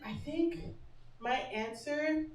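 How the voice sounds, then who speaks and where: Speaking slowly in a high-pitched voice, with a little hiss or hum, a young woman hosts a comedy show on a small bar stage and performs stand-up. She's brash and self-mocking, swears freely, and laughs a lot, her mic heard from a distance in the echoey club.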